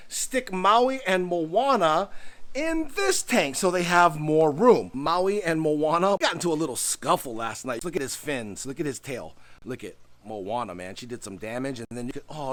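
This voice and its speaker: A man's voice: a little high, fairly bright tone. A man with a Hawaiian accent giving an upbeat, chatty home aquarium vlog walkthrough, joking with viewers. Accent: Hawaiian English. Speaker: aquarium hobby vlogger. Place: home indoors.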